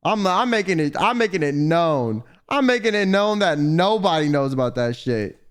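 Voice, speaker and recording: Reading out confessions sent in by viewers, a young streamer responds with exasperated, profanity-laced reactions in casual livestream commentary. He sounds animated, with a fairly high pitch and moderate pace.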